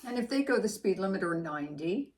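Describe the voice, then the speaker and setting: Laughing woman with a lively pitch. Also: fast, crowd noise. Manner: laughs often, chimes in with short reactions. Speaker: podcast co-host. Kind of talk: casual chat.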